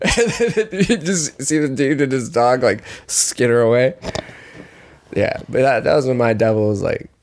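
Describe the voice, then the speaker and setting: A young man co-hosting a podcast, telling a story in casual chat and acting out the shouting in it. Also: medium pitch, normal speed. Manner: animated storytelling, acts out quoted shouting. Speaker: podcast co-host.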